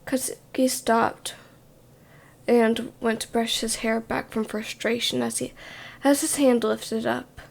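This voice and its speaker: Gravelly woman in whispered role-play. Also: a little high, flat delivery, takes it slowly. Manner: hushed second-person narration. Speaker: storyteller.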